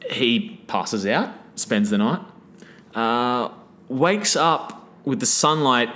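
Deep-voiced man telling a story. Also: a bit bright. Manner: swearing, laughing storyteller with many "right?" asides. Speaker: podcast guest. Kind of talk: casual storytelling.

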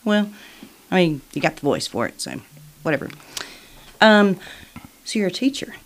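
A woman's voice: on the low side, sing-song, normal speed, slight background noise. A woman co-hosting a casual podcast who tosses in dry, teasing quips. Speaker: podcast co-host. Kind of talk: casual chat.

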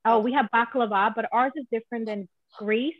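A woman's voice: a little high, fairly quick, no echo. Chatty woman in her thirties on a tinny call. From Caucasus region. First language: Russian. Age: 30s. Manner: chatty, laughing, animated storyteller. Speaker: author, guest. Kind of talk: casual interview chat. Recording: dry, phone-like call audio.

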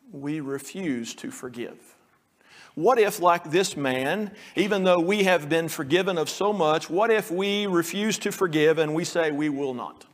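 A man's voice: fairly high pitch, big-room sound. A male pastor preaching an earnest sermon, now and then acting out the pleading lines of the story. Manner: earnest preaching, acts out quoted pleas.

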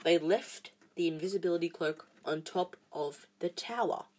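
Woman reading a novel aloud, halting. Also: lowish voice, darkish tone. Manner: halting, frequent restarts and fillers. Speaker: storybook reader.

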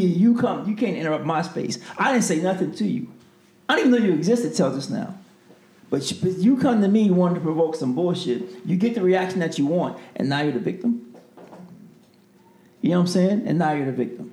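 A man with a somewhat high voice tells stories in a relaxed chat. He is animated and acts out the people he quotes. The room around him is echoey. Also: normal speed. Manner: animated, swings between voices when quoting people. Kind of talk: casual storytelling chat.

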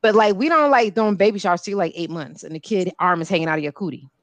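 A woman's voice: on the low side, rapid-fire, dry recording. A woman co-hosting a podcast, from a Caribbean family, chatting casually in a blunt, outspoken way with casual swearing. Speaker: podcast co-host. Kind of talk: casual chat.

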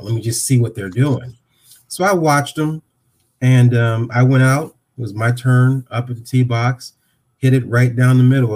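A man in his sixties from Ohio, a podcast guest telling a story and acting out the dialogue with lively voices. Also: mid-range voice. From Dayton, Ohio.

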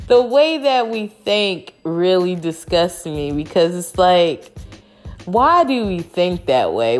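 A woman talking straight to camera in a frank, emphatic, casual monologue that has some swearing. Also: low voice.

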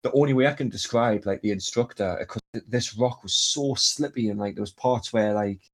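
Young man, husky, lowish voice, rambling and sweary, lots of fillers. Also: normal speed. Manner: rambling storyteller, swears freely, many fillers. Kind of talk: casual chat.

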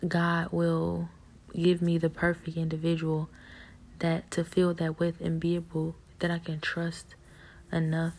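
A woman speaks in a low, flat, husky voice with a gravelly edge, often slipping into a half-whisper. She talks softly and haltingly, giving a personal testimony of faith.

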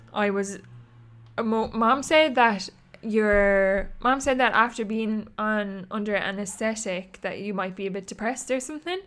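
A woman's voice: medium pitch, fairly bright tone. A young woman with an Irish accent, hosting her own podcast in a chatty, rambling way and laughing often. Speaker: podcast host. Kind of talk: casual chat.

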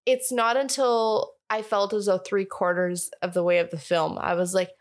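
A woman's voice: mid-range voice, little pitch movement, normal speed. Young woman, podcast co-host, casual and chatty, mid-range voice. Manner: chatty, quotes her own reactions, frequent laughs. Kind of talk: casual film discussion.

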